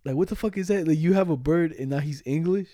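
Young man, casual slangy storyteller; slightly higher voice, warm and dark, close and dry. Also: quick pace, dry recording. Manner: slangy, laughing, swearing storyteller. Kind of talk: casual chat.

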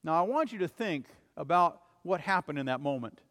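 A man preaching a sermon in an earnest way, rising to urgent appeals and falling to soft, low passages. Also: lively intonation, a little fast, big-room sound. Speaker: pastor.

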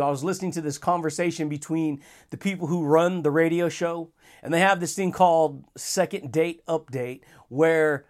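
A man hosting a motivational podcast monologue, talking in a casual, slangy and enthusiastic way, with frequent chuckles. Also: on the high side. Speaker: podcast host.

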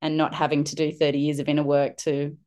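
A woman's voice: low-pitched, monotone, fast talker, warm tone. A middle-aged woman, a podcast guest and parenting mentor, telling an earnest story with frequent fillers and restarts. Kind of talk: reflective conversational storytelling.

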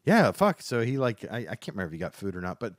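A male comedian in casual chat, telling a story with bursts of acted-out dialogue that leap up in pitch. He swears freely and sounds relaxed between the peaks. The sound is dry and close. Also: very fast, dry recording. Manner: swears freely, acts out quotes with big pitch jumps. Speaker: stand-up comedian guest.

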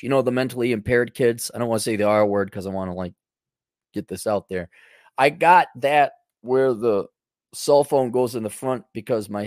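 A man's voice: mid-range voice, a little mellow, no echo, clean studio sound. A middle-aged man hosting a rambling, sarcastic monologue. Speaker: host.

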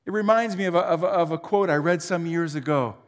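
A man preaching with dramatic swings from booming declarations to hushed, almost whispered lines. His voice sits a little high for a man, and it rings out through the long reverb of a large church hall. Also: a little fast. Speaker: pastor. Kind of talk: sermon.

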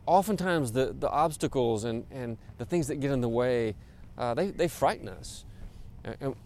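A male pastor gives a casual, chatty sermon, pausing on fillers and repeating words as he goes. His pitch is medium and his delivery animated, rising and falling a lot. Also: a little hiss or hum.

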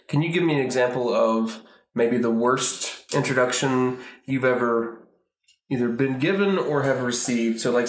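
Chatty man hosting, roomy sound. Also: medium pitch. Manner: chatty, self-deprecating, rambling. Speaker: podcast host. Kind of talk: improv comedy chat. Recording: roomy echoey recording.

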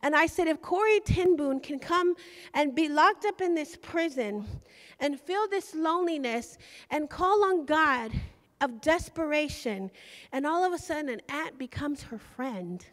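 A woman's voice: high-pitched, expressive, unhurried, a bit bright, long reverb tail. A woman preaching a sermon, fervent and exhorting as she tells a story.

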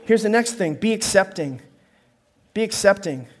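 A pastor preaching a sermon who tells stories with animated acted-out dialogue and frequent laughter. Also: male voice, sits high, moderate pace. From northern United States. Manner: animated storytelling, acts out dialogue, laughs often.

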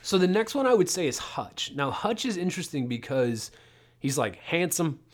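A man co-hosting a casual movie discussion, excited and swearing freely as he recaps the plot. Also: on the high side, normal speed. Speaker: podcast co-host.

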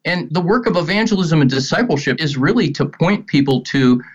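A middle-aged man speaking earnestly about faith, telling stories with animated, acted-out quotes. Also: on the high side, brisk, slightly rough. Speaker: ministry guest speaker. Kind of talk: earnest spoken teaching on faith. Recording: dull lo-fi sound.

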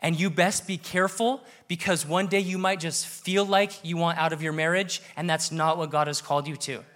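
A man's voice: fairly high pitch, steady tone, normal speed, a bit bright. Earnest male pastor preaching. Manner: earnest, building to emphatic exhortation. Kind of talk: sermon.

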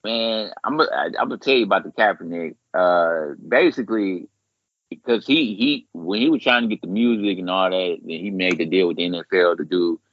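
A man co-hosting a podcast in casual chat, rambling and profane, jumping way up in pitch when he acts out what others said. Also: moderate pace, no room sound. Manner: rambling, profane, animated quoting with big pitch jumps. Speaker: podcast co-host. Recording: muffled lo-fi podcast audio.

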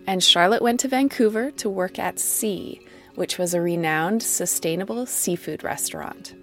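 A woman host giving scripted narration and clear step-by-step explanations. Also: on the low side, normal speed, soft background music.

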